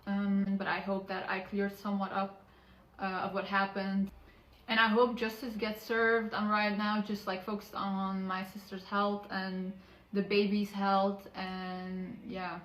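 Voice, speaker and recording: A woman's voice: mid-range voice, completely flat delivery, a little slow, fairly bright tone, roomy sound, low-quality recording. A woman defending her sister in a personal statement video, insistent and defensive.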